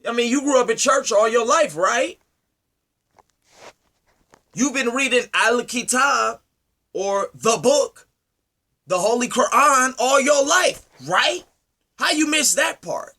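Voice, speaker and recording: A man delivering an impassioned, preachy monologue, firing rhetorical questions at his listeners and swinging from loud to low. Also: expressive, slow pace, pauses often. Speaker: speaker addressing his community.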